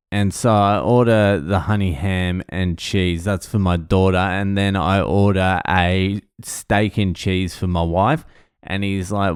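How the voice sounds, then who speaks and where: A man's voice: low voice, fairly even intonation, a little slow, clear, resonant tone, no echo, studio quality. An Australian man telling a story casually, swearing often and mocking himself. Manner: sweary, self-mocking anecdote with laughs. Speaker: vlogger.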